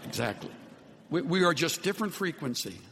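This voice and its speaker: A man preaching a sermon with an earnest, unhurried delivery that softens to tender, quiet passages. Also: fairly high pitch, very animated, in a large hall, a little hiss or hum. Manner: slow, earnest preaching with soft, tender dips. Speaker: pastor.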